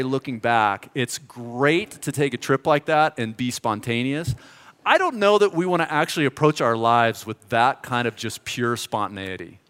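A middle-aged American man preaching a sermon, telling a story in an animated, joking, conversational way. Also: on the high side, smooth. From United States. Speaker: pastor. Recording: reverberant hall.

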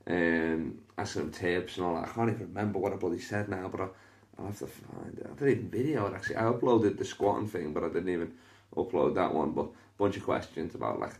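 A man's voice: low voice, fast, vocal fry. Sweary Liverpool man telling stories. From Liverpool, England. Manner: loose, rambling and sweary with many fillers. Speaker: stand-up comedian and podcast host. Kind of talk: casual podcast storytelling.

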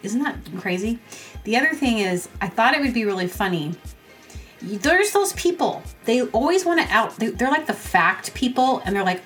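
A woman's voice: fairly high pitch, lively intonation, normal speed, fairly bright tone, faint music behind. A woman hosting her own podcast in a casual solo monologue. She rambles, jokes, laughs often and acts out little quoted exchanges. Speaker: podcast host.

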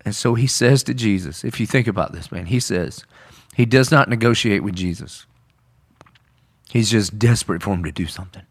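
Brief pastor man, lowish voice, earnest conversational preaching, dramatizes quotes. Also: moderate pace, slightly rough. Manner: earnest, conversational, acts out quotes with rising intensity. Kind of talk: sermon-style podcast discussion.

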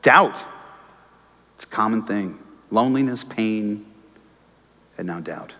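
A pastor preaching a sermon, animated and storytelling, acting out his own prayers and arguments with the crowd. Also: on the low side, slow, long reverb tail. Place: church auditorium.

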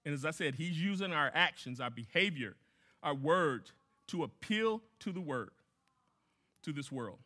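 A man's voice: a little high, lively intonation, unhurried, bright, forceful tone. A man preaching a sermon as a guest pastor, emphatic, repeating key phrases and putting questions to the congregation.

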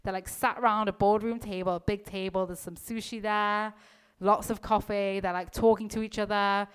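A woman's voice: medium pitch, little pitch movement, moderate pace, smooth. Casual, filler-heavy woman mindset coach. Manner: casual, heavy filler use, swears freely. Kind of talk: motivational talk to listeners.

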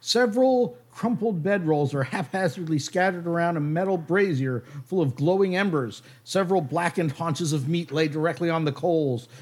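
Man running a tabletop game. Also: fairly high pitch. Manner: descriptive, plays monsters in quick asides. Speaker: game master.

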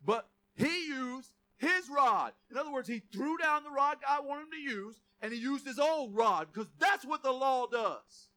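A male pastor preaches with an animated, joking manner, reading scripture aloud. His voice sits very high and sounds bright and sharp. Now and then he bursts into a shout on quoted lines. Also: unhurried, few pauses. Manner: animated, jokey asides, reads scripture aloud. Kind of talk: sermon.

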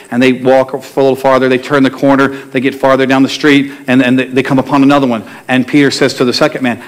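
A man's voice: medium pitch, fairly even intonation, fast. A male pastor preaching a sermon to his congregation in a conversational way, asking them questions and telling stories. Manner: conversational, asks the congregation questions and tells jokes. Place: church sanctuary before a congregation.

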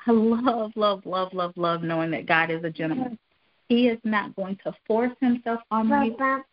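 A woman's voice: mid-range voice, normal speed, dry recording, highs cut off. A middle-aged woman giving an earnest, encouraging devotional talk, repeating phrases for emphasis. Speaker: devotional speaker.

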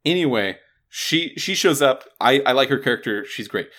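Dude rambling on a game podcast, bright voice, keeps restarting words. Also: male voice, medium pitch, lively intonation, normal speed. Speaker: podcast co-host. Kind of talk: casual gaming podcast chat.

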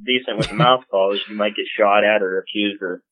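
A man, a podcast guest telling hunting stories in a casual, animated way. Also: lowish voice, brisk, no echo, narrow, tinny audio. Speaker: podcast guest, call maker. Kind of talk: casual storytelling.

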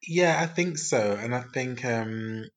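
A man's voice: medium pitch, slow. A man, a single adoptive father chatting candidly in an interview with plenty of fillers. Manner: chatty, warm storytelling with many fillers.

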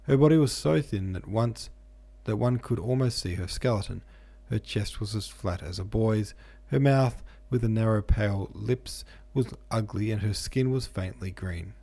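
A man narrating a classic novel as a podcast audiobook reader, steady and unhurried. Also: on the low side, gravelly.

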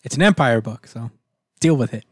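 A man's voice: mid-range voice, animated, normal speed, no echo. Guy chatting about a comic, laughs a lot, cusses, dead dry sound. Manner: laughing, profane, acts out characters in quotes. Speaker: comic book podcast co-host. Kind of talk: casual chat recapping a comic.

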